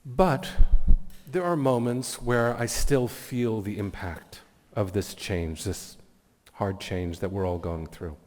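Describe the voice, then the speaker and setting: A man speaks as a rabbi delivering an earnest, reflective keynote in a fairly low voice. His words carry a long reverb from a large event hall. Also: slow, darkish tone. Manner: reflective, earnest, blessing-giving. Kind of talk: keynote sermon with storytelling.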